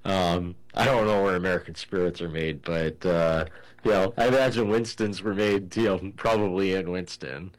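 Man, very low voice, casual sports-talk host, loose and rambling, leans heavily on fillers. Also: fairly even intonation, moderate pace, poor audio. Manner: rambling, heavy use of "you know" fillers; thinks aloud with frequent restarts.

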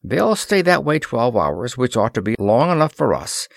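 A man's voice: mid-range voice, sing-song, normal speed, creaky, dry recording, clean studio sound, voice pushed up. A man voicing a determined male expedition leader who talks bluntly and emphatically. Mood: firm. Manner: firm, clipped, emphatic speech.

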